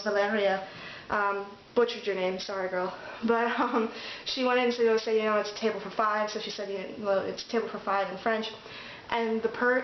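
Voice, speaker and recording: Young American woman, casual rambly vlog talk, flat delivery, roomy echo. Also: mid-range voice, a little hiss or hum. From United States. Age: young adult. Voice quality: rambling, many fillers and restarts. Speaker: vlogger. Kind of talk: casual chat. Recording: echoey room, dull sound.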